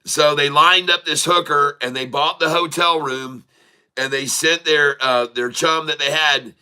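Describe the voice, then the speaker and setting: A man's voice: fairly high pitch, steady tone, unhurried, pushed and bright, clear, resonant tone. A man hosting a day-trading livestream, rambling casually, repeating words and laughing often as he tells a joke.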